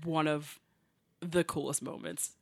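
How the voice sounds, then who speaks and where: A woman's voice: deep voice, fairly even intonation, unhurried, gravelly. A woman in her thirties, a guest soccer player, telling a story casually with many fillers and bursts of laughter. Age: 30s.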